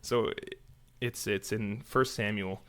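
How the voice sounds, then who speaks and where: Bright-voiced man retelling a Bible story. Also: fairly low pitch, slow pace. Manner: retells scripture casually, animated. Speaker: podcast co-host. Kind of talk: casual Bible discussion podcast.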